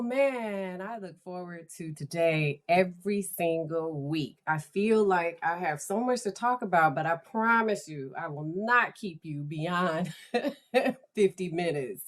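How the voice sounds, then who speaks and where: A woman hosting her own podcast, talking in a chatty, enthusiastic way and laughing often. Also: on the low side. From United States. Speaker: podcast host. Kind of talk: casual podcast talk.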